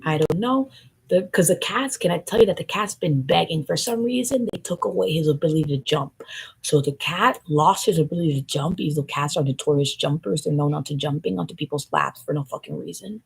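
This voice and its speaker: A woman with a low, heavily gravelly and raspy voice rambles through a conspiratorial stream commentary. She lurches between hushed asides and loud outbursts as one thought tumbles into the next. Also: brisk, low-quality recording.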